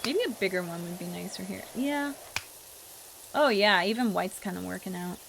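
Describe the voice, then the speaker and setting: A young woman streamer chats casually while she plays, answering chat and slipping into character voices. Her voice sits at a middle pitch. A faint hum of background noise runs under it. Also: normal speed, vocal fry, fairly bright tone. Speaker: streamer and voice actor.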